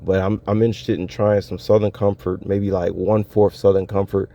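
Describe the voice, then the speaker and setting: A man's voice: lowish voice, flat delivery, fairly quick, dark tone. A man talking casually to his viewers in a solo monologue, laid-back and slangy, often breaking into laughter. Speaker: vlogger. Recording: dull lo-fi audio.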